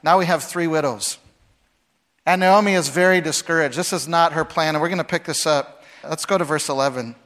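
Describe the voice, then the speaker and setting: Middle-aged male preacher, casual and humorous, fond of rhetorical questions, slightly high voice. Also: a little fast, a bit bright. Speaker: pastor. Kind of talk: conversational sermon with scripture reading.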